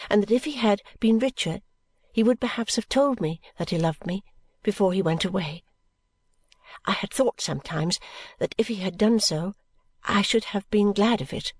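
A woman reads a novel aloud in the first person, earnest and tender, with measured phrasing. Her voice sits at a middle pitch. The recording is dry and close, with no room sound. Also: a little mellow, dry recording. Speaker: audiobook narrator. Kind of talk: scripted narration of a novel.

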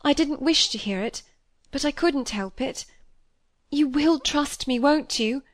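A woman's voice: sits high, unhurried, dry recording, clean studio sound, voice pushed up. A woman playing a timid, tearful young woman. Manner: pleading, soft-spoken.

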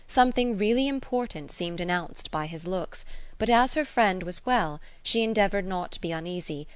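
A woman's voice: lowish voice, lively intonation, normal speed, clean tone, dry recording. Woman reading a classic novel, dry sound. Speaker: audiobook narrator. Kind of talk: scripted narration.

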